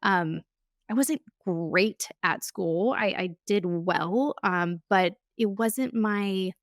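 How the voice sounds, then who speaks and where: A woman in her thirties talks alone into a close podcast mic, earnest and candid and ready to show her feelings. Her voice sits at an ordinary middle pitch. The room adds no echo, so the sound is dry and close. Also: slow pace. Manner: earnest, candid, openly emotional storytelling. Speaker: podcast host. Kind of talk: solo podcast monologue.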